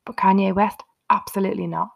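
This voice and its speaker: A woman's voice: medium pitch, fairly even intonation, fast talker, gravelly. A woman hosting her own motivational podcast, talking unscripted and earnestly, chatting straight to her listeners. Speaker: podcast host.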